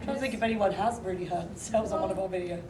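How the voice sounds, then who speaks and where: A woman's voice: mid-range voice, rapid-fire, noisy background. A young woman from England with a southern English accent, chatting and joking on a convention panel. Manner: chatty, jokey, laughs often. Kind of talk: casual panel chat. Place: large convention hall. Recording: echoey hall, mic at a distance, crowd.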